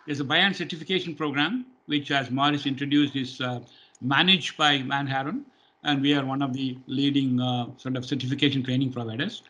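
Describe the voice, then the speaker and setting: Bright-voiced man presenting a webinar. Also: mid-range voice, steady tone, fairly quick, highs cut off. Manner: plain and explanatory, with many fillers. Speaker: webinar presenter, training firm head.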